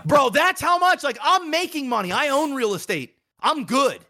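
A man's voice: extremely high pitch, animated, measured pace, bright, forceful tone. A man co-hosting a podcast, ranting heatedly with lots of profanity in casual chat. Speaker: podcast co-host.

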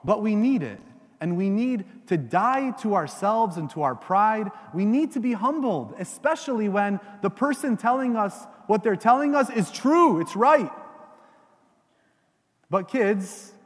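Animated male preacher with a high voice. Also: in a large hall. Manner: animated, questions the congregation directly. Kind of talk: homily for children and parents. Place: church.

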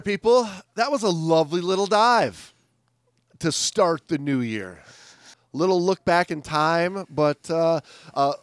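A man co-hosting a diving podcast in relaxed casual chat, filling pauses with uh. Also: a little high, no room sound, studio quality. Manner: relaxed, easygoing, fills pauses with uh. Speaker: scuba diving podcast co-host.

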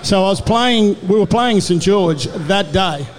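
A man's voice: high voice, unhurried, in a large hall. An older man with an Australian accent, a former rugby league player telling rambling anecdotes as a guest and acting out the back-and-forth of old conversations. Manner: rambling storyteller who acts out quoted exchanges.

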